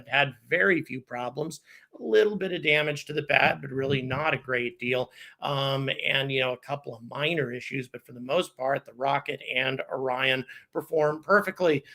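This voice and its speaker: A man's voice: medium pitch, creaky, pushed and bright. A middle-aged American man hosting a live space show, talking casually, with frequent ums and uhs as he greets viewers. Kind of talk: casual livestream chat.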